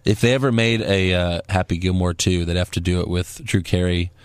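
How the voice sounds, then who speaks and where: A man's voice: sits low, fairly even intonation, brisk, smooth, no echo. A man co-hosting a wrestling podcast, recapping shows in casual, sarcastic chat and often laughing.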